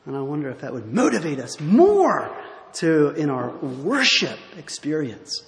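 A man's voice: on the high side, wildly swooping pitch, a little slow. A pastor giving a rambling, musing sermon in a church, often stopping to search for his words. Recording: echoey hall, faint ambient noise.

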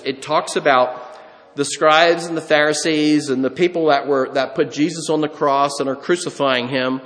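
High-voiced preacher in a reverberant hall. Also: male voice, a bit bright. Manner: earnest, acts out quotes, rises in pitch when moved. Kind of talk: sermon.

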